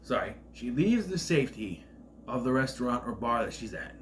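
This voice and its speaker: A man talks through a film in a loose, unscripted review, retelling scenes with blunt, profane asides. His pitch swings widely around a mid-range center. A faint hum sits behind him. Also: sing-song, normal speed. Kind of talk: casual spoiler review.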